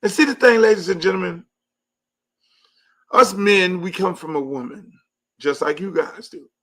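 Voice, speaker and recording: Brief: blunt, brash male talk host with a high voice who rants profanely and does not hold back. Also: moderate pace, a bit bright. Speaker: podcast host. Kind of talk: casual talk show monologue.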